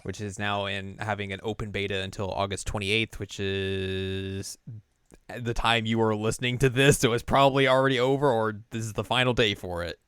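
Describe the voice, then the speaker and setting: A man's voice: on the low side, fairly even intonation, normal speed, fairly bright tone, clean tone, no echo. A man co-hosting a podcast in casual chat, laid-back and chatty, with dry asides and chuckles. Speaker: podcast co-host.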